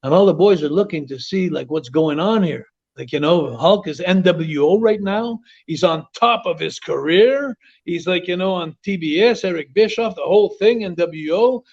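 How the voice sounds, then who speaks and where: A man tells a story as an interview guest, in a fairly high voice. He is animated and often stumbles over repeated words. The audio sounds dull and lo-fi. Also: moderate pace, few pauses. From Quebec, Canada. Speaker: interview guest, former wrestler.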